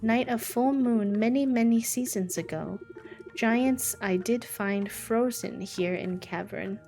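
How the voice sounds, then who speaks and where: Streamer lady putting on a solemn old-world chieftain, talks backwards and slow, a bit higher and louder than her own voice. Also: faint music behind. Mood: grave. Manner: backwards clipped phrasing, slow and grave. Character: solemn tribal chieftain with inverted grammar. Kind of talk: reading game dialogue aloud.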